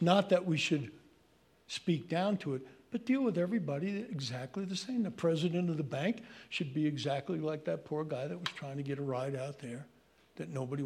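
Older new york guy preaching, husky high voice, gets worked up and jokey. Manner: animated, ranting and joking. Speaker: pastor. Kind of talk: sermon.

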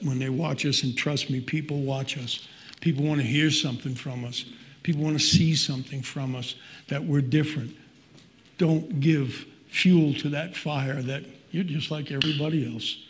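A middle-aged male pastor delivers an earnest, conversational sermon. His voice sits a little higher than most men's, and he slows down to read scripture aloud before dropping back into plain personal talk. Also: fairly even intonation, a little hiss or hum.

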